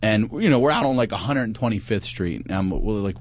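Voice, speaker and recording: A man's voice: fairly low pitch, expressive, brisk. A man on a podcast, telling a rambling, profane road story with plenty of laughs. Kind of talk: casual storytelling chat.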